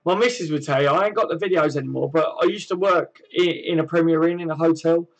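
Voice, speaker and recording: Man, fairly high pitch, live-stream host, casual and chatty, slangy, laid-back. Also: fast, poor audio. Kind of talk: casual live-stream chat reading viewer comments.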